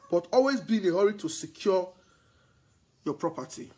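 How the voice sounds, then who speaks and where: A man's voice: sits high, normal speed, slightly rough, rough recording. A man with a Nigerian accent talking about real estate to his viewers, mixing Pidgin into his English and repeating himself as he gets worked up. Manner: mixes Pidgin into English, repeats himself, turns loud and excited. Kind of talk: sales broadcast monologue.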